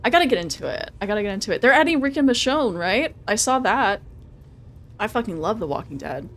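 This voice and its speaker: A woman's voice: mid-range voice, lively intonation, fast talker, fairly bright tone. A young woman live-streaming a video game, chatting casually, laughing often and reading game options aloud.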